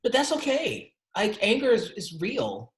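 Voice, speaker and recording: A man's voice: very high voice, wildly swooping pitch, a little slow, reverberant. A man speaking as a podcast guest, passionate and emphatic in casual conversation, swearing freely. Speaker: interview guest, activist.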